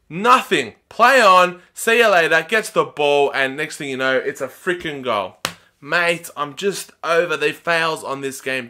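A young man giving excitable, often shouted commentary while playing a football video game. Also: sits high. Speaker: gaming YouTuber.

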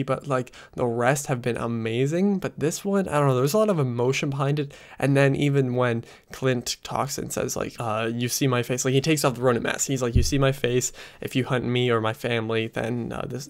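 A man talks through a show review at a home setup, close on a desk microphone. His voice sits at an ordinary middle pitch. He rambles and leans on frequent fillers. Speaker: film and TV reviewer. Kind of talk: casual spoken review. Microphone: USB desk microphone close up.

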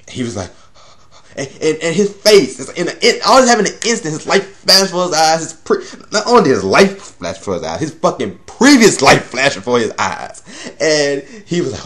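Animated, rambling man reviewing anime. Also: medium pitch, moderate pace. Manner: rambling, profane, laughs often. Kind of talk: casual episode review.

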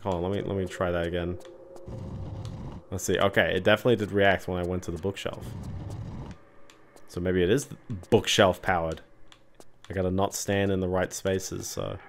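Low-voiced man rambling through gameplay. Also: moderate pace, long pauses, a little hiss or hum. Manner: rambling, thinking aloud while playing. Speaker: streamer playing a video game. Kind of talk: casual gameplay commentary.

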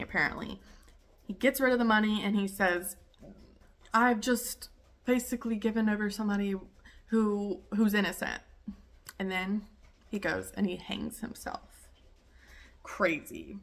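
A young woman hosting a podcast from home, retelling a story in a chatty, animated way with many fillers. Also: mid-range voice. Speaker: podcast host. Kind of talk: casual storytelling chat. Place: home with her dog nearby.

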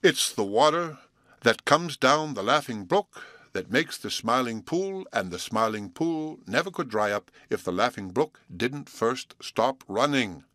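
A man voicing a wise old male frog who lectures and croaks in a storybook reading. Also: mid-range voice, lively intonation, a little slow, a bit bright, no echo, studio quality, voice pushed up. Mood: knowing. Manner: croaks "chug-a-rum", lecturing. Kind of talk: storybook character voice.

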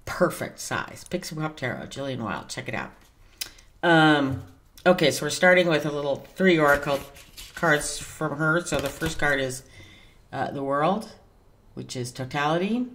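A woman's voice: deep voice, expressive, normal speed, a bit bright. A woman talking casually in a vlog as a tarot reader, chatty and digressive, with some mild cursing.

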